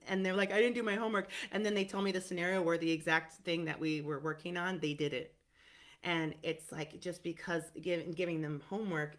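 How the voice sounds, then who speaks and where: A middle-aged woman therapist teaching in a casual, animated way, often checking in with "right?" and filling pauses with "um". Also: low voice. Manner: animated and emphatic, frequent "right?" and "um".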